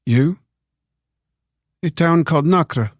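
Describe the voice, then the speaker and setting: A man voicing a young Eastern European woman who is guarded but curious, asking careful questions in a raised, soft voice. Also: on the high side, takes it slowly, no echo, clean studio sound, pitched above the performer's own voice.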